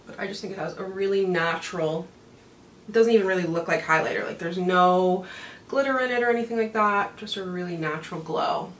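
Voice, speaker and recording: A woman's voice: on the low side, a little fast, fairly bright tone. A woman chatting casually through a makeup tutorial, rambling with self-mocking asides. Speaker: beauty vlogger. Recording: roomy, mic set back, faint hiss.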